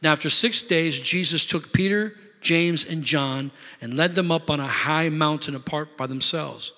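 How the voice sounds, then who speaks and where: Bright-voiced male preacher in a hall. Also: a little high, normal speed. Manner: preaching with call-and-response asides. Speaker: pastor. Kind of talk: sermon. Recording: long reverb of a large hall.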